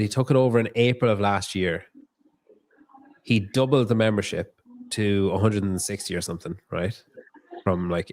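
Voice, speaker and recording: An Irish man hosting a podcast in casual chat, talking quickly in asides and laughing often. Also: on the low side. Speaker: podcast host.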